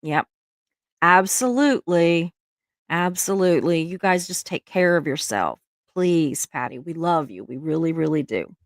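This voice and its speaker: With a low, expressive voice and an unhurried pace, a middle-aged livestream host works through viewer comments in casual chat. She's chatty and emotional and laughs a lot. The sound is clean studio audio with no room sound.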